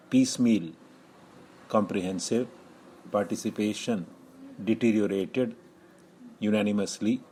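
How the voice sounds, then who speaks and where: Guy doing shorthand dictation, super slow, one word at a time. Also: on the low side, slightly rough, low-quality recording. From India. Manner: reads isolated words with steady pauses. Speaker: shorthand teacher.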